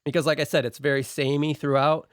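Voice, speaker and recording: A man's voice: on the high side, level tone, quick pace, no room sound, clean studio sound. A man co-hosting a podcast, walking through his production notes on a song point by point in a casual, methodical way.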